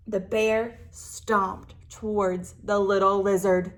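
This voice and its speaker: A librarian reading a picture book aloud to children, animated, gasping and asking them questions. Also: female voice, a little high, takes it slowly.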